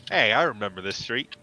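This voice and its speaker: Slow, laughing male tabletop player. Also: medium pitch, bright, forceful tone, poor audio. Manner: teasing, laughing a lot. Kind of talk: casual tabletop game chat.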